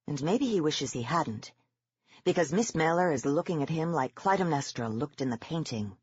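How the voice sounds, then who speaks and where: An audiobook narrator reading a horror novel in a measured, even storytelling manner, in a slightly dull lo-fi recording. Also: medium pitch, husky, no echo.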